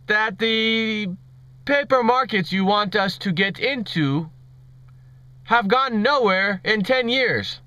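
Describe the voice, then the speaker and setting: A man putting on an Indian accent to voice a man questioning a minister from the crowd, slow and pointed. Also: high-pitched, lively intonation, bright, forceful tone, no echo, pitched above the performer's own voice, heavily acted. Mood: earnest questioning. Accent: put-on Indian accent.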